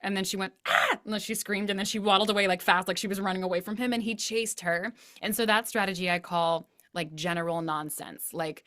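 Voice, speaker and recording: Animated woman telling parenting stories. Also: mid-range voice, brisk, few pauses. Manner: animated storytelling, laughs often, acts out voices. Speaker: playful parenting educator, guest. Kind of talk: casual interview chat.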